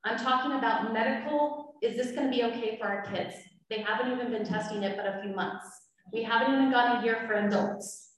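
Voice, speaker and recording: A woman's voice: a little high, a little fast. A woman, a parent, making a public comment at a school board meeting, earnest and getting emotional. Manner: earnest, growing emotional and forceful. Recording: echoey hall, distant mic.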